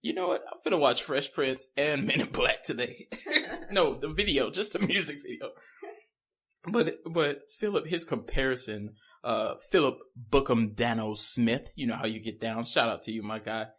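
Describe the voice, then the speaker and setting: A man co-hosting a casual podcast, talking in an animated way, laughing often and slipping into goofy impressions. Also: medium pitch, moderate pace. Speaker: podcast co-host.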